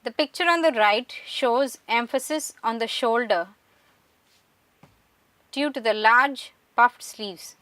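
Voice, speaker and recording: A woman giving a measured, scripted lecture, explaining slides one by one. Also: on the high side, a bit bright, no room sound. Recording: voice distant from the mic.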